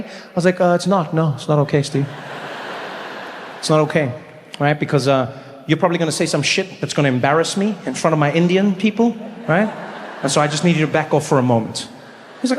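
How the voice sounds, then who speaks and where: A man's voice: a little high, a little fast, long pauses. A man from South Africa telling a stand-up story on stage, acting out the people in it with sudden jumps in his voice. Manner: animated, acts out characters with voice jumps. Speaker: stand-up comedian. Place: large theater stage. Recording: live hall with faint crowd noise.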